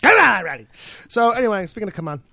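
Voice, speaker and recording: Podcast co-host: New York man, high voice, profane and sarcastic. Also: very animated, rapid-fire, gravelly, pushed and bright, dry recording. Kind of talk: casual podcast banter.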